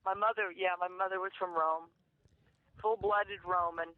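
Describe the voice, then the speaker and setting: A woman's voice: medium pitch, moderate pace, dry recording. A woman from England, a guest chatting casually and candidly in an interview. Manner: relaxed, candid, laughing easily. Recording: tinny phone line.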